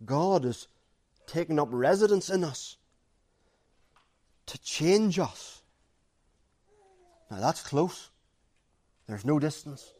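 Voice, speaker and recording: A man preaching a sermon, repeating key phrases for emphasis and moving from loud stresses to quiet, intimate asides. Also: a little high, expressive, takes it slowly, pauses often.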